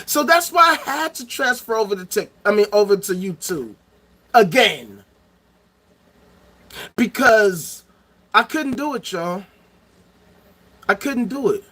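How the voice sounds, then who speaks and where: A man's voice: high-pitched, big pitch swings, slow pace, pauses often, pushed and bright. A man ranting angrily into the camera, profane and heated, hammering points home by repeating them. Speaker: vlogger. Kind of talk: angry ranting monologue.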